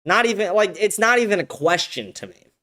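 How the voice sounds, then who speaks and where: A young man hosting a casual livestream from home, blunt and profane, ranting and breaking into excited shouts. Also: high-pitched, brisk. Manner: animated, bursts of excited shouting. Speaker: livestream show host. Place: home, with a dog nearby.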